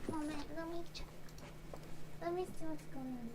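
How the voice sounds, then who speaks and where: A woman's voice: high voice, moderate pace, heavy background noise. A woman co-hosting a livestream in casual chat, playful and giggly, jumping from one idea to the next. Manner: playful, giggly, jumps between ideas. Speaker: livestream co-host.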